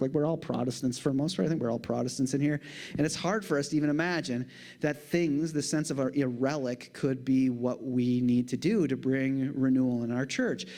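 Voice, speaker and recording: A middle-aged man speaking at a church conference with a slightly high voice. He tells stories in an animated way, full of jokey asides. He sounds like he is talking live to an audience in a hall. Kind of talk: humorous conference talk.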